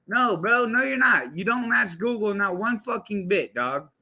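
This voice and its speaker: A man's voice: high voice, big pitch swings, a little slow, hardly any pauses, bright, forceful tone. Blunt, foul-mouthed young man streaming. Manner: blunt and profanity-heavy, heavy slang. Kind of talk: casual livestream talk.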